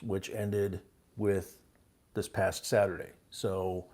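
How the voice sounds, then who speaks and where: A man's voice: low voice, flat delivery. An older man hosting a live coin auction stream, chatting casually and rambling with chuckles between bid calls. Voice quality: gravelly and husky. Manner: rambling, chuckling, calls bids in a louder slow drawl.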